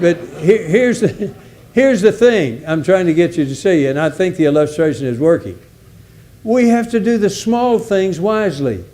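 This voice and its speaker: Guy preaching, kinda high voice but mellow, folksy and punchy, says stuff twice. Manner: folksy, emphatic, repeats key words. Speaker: visiting preacher. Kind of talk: sermon.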